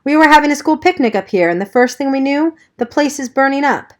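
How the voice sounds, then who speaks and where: A woman voicing a friendly, good-natured man in a storybook reading, steady and reassuring. He speaks a touch louder and higher than the narration around him, keeping his tone easy. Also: fairly quick. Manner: calm, reassuring.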